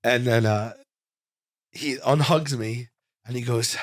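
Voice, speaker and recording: A man in his forties, a comedian guest in an interview, telling stories in an animated, rambling way full of fillers and restarts. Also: mid-range voice, slow, no echo, studio quality. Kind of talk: casual interview storytelling. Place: studio.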